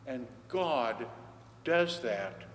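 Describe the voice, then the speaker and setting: A man's voice: medium pitch, animated, extremely slow. An older man, a priest, preaching a sermon as a conversational story and acting out the dialogue. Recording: echoey church hall, faint background noise.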